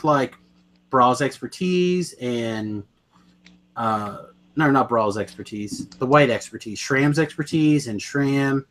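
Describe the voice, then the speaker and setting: In a mid-range, slightly bright voice, this man co-hosts a podcast and chats about card games. The tone is casual and enthusiastic, with plenty of rambling and mid-sentence corrections.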